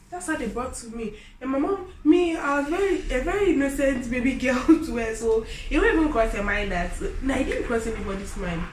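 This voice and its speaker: Young woman vlogger, slightly high voice, animated and giggly storyteller, recorded from a distance in an echoey room. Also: a little fast, hardly any pauses, a little hiss or hum. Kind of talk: casual storytelling.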